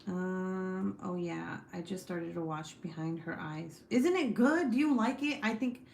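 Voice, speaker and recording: A woman's voice: fairly low pitch, unhurried, creaky, darkish tone, echoey room, slight background noise. A woman in her forties hosting a casual livestream, chatting with viewers and reading their comments, swearing freely. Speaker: livestream host.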